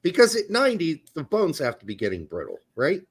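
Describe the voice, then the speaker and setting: Wry, teasing man with a lively voice. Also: a little high, fairly quick, slightly rough. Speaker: podcast co-host. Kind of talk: casual chat.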